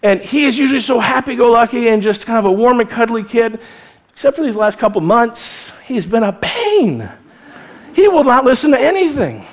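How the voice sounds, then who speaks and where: A male pastor giving an earnest, conversational sermon in a church, mixing scripture with lively asides. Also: very high voice, moderate pace.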